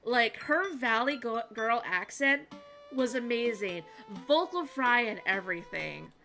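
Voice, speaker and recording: A woman streamer rambles in bubbly, animated chat, her fairly high voice leaping all over the place. Background music runs beneath her talk. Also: unhurried. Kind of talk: live game-playing chat.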